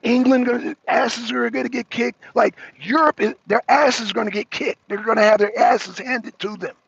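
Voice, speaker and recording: Brief: American male talk show host, very high gravelly voice, dry close mic, heated repetitive political rant. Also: fairly even intonation, moderate pace, fairly bright tone, no echo, lo-fi sound. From United States. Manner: profane, repetitive, raising his voice. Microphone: streaming microphone.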